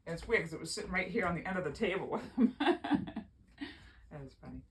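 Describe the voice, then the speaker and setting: A woman's voice: on the low side, expressive, fairly quick, slight background noise. A woman vlogging from her home in a rambling, chatty way, often laughing as she talks. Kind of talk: casual chat to camera.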